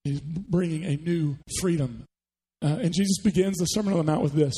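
A man's voice: on the high side, moderate pace, dark tone, slightly rough, long reverb tail, rough recording. A man preaching a sermon to a church congregation, talking conversationally and putting questions to the listeners. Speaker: pastor. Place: church sanctuary.

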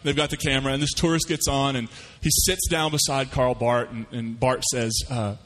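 A man's voice: mid-range voice, normal speed, long reverb tail. A man preaching a sermon, telling stories in a folksy way and voicing the people in them. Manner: folksy storytelling with lively voiced asides. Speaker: pastor.

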